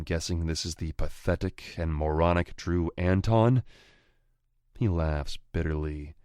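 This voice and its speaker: Male audiobook narrator, deep, slow, growling, dry close read. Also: steady tone, a little mellow, clear, resonant tone, dry recording. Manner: growling, menacing. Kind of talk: first-person romance audiobook narration.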